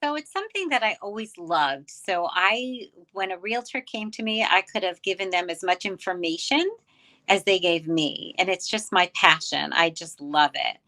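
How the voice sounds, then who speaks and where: A woman's voice: fairly low pitch, expressive, moderate pace, bright, forceful tone. An older woman from New York, a guest telling her life story in casual interview chat.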